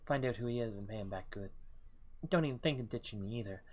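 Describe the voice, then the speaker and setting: A man's voice: fairly low pitch, quick pace, a little mellow, natural voice. A man voicing a perky, loyal young woman companion while reading game dialogue aloud. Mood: earnest.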